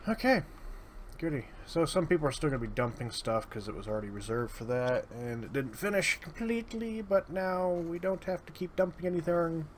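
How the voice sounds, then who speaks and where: A man hosting a let's play gives casual, sardonic commentary, muttering as he works through lists of items. His voice is a little high, expressive, and fairly quick. Keyboard typing and slight background noise can be heard.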